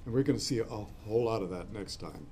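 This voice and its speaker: A man with a mellow, warm voice gives a classroom lecture. He talks in a discursive way, adds asides, and spells out key terms letter by letter. There is a faint hiss behind him. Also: on the low side, lively intonation, quick pace.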